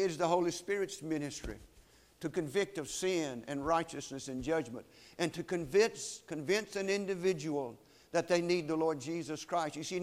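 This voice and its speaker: A man preaching a sermon, solemn and emphatic, slowing down to weigh key phrases. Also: on the high side.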